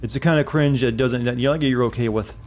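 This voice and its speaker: Male streamer, easy mid-pitched voice, loose rambling commentary, lots of self-deprecating quips. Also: fast, a little mellow, slight background noise. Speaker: game streamer. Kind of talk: casual gameplay commentary.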